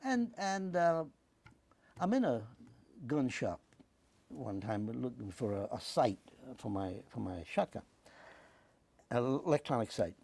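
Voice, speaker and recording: A man, telling his life story in a rambling, halting way in an oral history interview. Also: mid-range voice, very animated, vocal fry, a little mellow, no room sound. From Staten Island, New York. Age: 90s. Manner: rambling, halting, with many restarts. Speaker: interviewee, WWII veteran.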